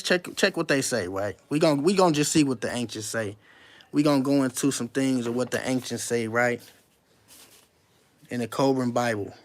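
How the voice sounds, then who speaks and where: Animated, insistent street-talk commentator. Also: mid-range voice. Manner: emphatic, keeps firing rhetorical questions at listeners; reads passages aloud slowly, then comments. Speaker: online commentator. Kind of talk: casual monologue to viewers.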